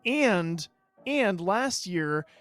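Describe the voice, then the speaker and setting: A man co-hosting a podcast in a relaxed, wry way. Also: high-pitched, extremely slow, no echo, soft background music. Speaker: podcast co-host. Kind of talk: casual chat.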